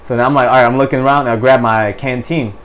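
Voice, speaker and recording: A young adult man, a Marine guest on a podcast, telling a story in casual, animated, profane talk full of fillers. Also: medium pitch, rapid-fire, slight background noise.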